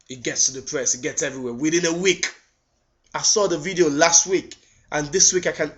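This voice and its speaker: Speaking into a webcam with dull, lo-fi audio, this vlogger fires rhetorical questions in an indignant video response and keeps stumbling over repeated words. His voice is on the high side with a fairly bright tone.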